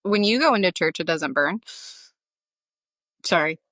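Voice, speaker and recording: A woman's voice: fairly low pitch, expressive, measured pace, fairly bright tone, no echo. A woman co-hosting a casual book-club podcast, teasing and enthusiastic. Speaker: podcast co-host.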